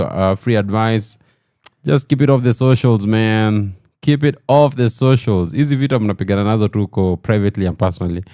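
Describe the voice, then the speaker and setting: A man's voice: fairly low pitch, dark tone, no echo, clean studio sound. A Kenyan man hosting a radio talk show, explaining a legal ruling to listeners in a chatty, direct way. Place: radio studio.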